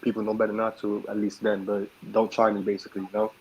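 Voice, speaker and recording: Laid-back young man, low voice. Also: monotone, fast talker, darkish tone, lo-fi sound, slight background noise. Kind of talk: casual chat.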